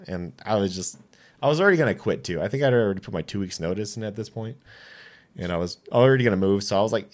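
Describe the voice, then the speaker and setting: A man in his late twenties with a fairly low voice tells stories casually on a podcast. He gets animated, slips into the voices of the people he quotes, and swears without a second thought. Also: fast. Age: 20s. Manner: animated, acts out quoted dialogue, swears freely. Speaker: podcast guest. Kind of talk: casual storytelling.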